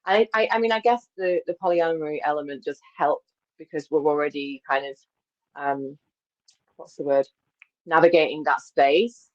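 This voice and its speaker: Candid woman guest, lower voice, muffled lo-fi call audio, chatty and open. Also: normal speed. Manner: open, animated, frequent self-corrections and laughs. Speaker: guest, embodiment coach. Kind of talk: candid conversational storytelling. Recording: slightly dull, lo-fi audio.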